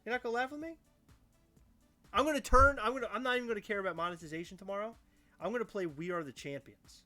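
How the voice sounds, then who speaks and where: A man's voice: high-pitched, quick pace, bright, forceful tone, soft background music. A man co-hosting a casual livestream podcast, joking around in a goofy, over-the-top way. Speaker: podcast co-host.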